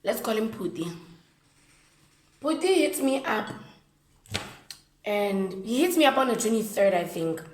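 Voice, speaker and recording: A woman with a Botswana accent, telling a story in a lively, slangy, casual way while eating on camera. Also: fairly high pitch, a little slow, long pauses, echoey room. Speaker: vlogger.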